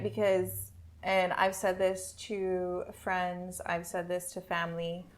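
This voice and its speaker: A woman hosts a relaxed podcast conversation in an earnest, supportive tone. She speaks in affirmations at a mid pitch. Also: vocal fry. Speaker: podcast host. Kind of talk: casual chat.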